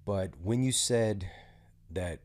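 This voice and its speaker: Male host, lowish mellow voice, hesitant and reflective, repeats words. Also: slow pace. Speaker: podcast host. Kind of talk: casual conversation.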